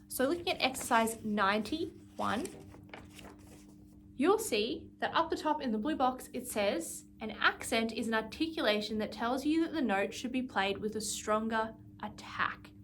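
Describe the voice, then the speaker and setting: A woman's voice: on the high side, fairly bright tone, a little hiss or hum. A woman music teacher leading a guided practice lesson, patiently explaining and counting out beats. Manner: patient, counts and sings note names aloud.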